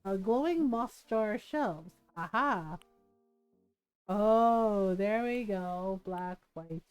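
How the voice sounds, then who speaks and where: A woman's voice: mid-range voice, extremely slow, faint music behind. A woman streaming a game, chatting casually and thinking aloud with lots of fillers and little laughs. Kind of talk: casual gameplay commentary.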